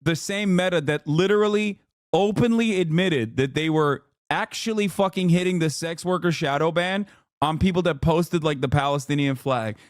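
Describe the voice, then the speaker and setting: A man with a high-pitched voice rants in casual live-stream commentary, incredulous and profane as he reacts to clips. The sound is dry and close, with no room echo. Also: moderate pace. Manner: incredulous, profane, animated ranting.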